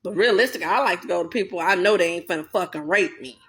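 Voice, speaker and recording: A woman's voice: lowish voice, quick pace, fairly bright tone, breathy edge. A woman vlogger in a blunt, profane, heated casual rant. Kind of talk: casual ranting monologue.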